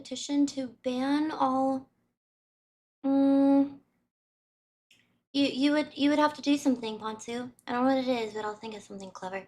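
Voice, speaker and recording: A young woman streamer giving casual, animated, giggly reaction commentary. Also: high voice, normal speed, long pauses.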